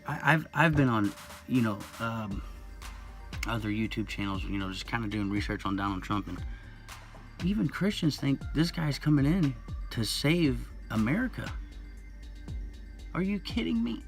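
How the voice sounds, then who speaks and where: A man's voice: mid-range voice, lively intonation, moderate pace, faint music behind. A man hosting his own online channel, delivering an agitated, rambling monologue with many restarts and repetitions. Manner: agitated, rambling, repeats himself. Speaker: YouTube channel host. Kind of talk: impassioned conspiracy monologue.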